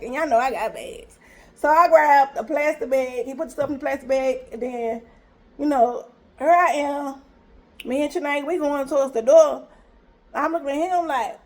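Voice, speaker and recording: Woman w a high voice telling a wild storytime, acts out all the lines. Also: moderate pace. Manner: animated, retells scenes with quoted dialogue. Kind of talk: casual storytime vlog.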